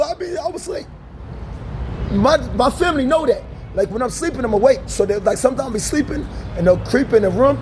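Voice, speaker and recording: High-voiced man telling profane stories. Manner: profane, laughing, animated storytelling. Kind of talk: casual storytelling. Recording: loud street traffic noise.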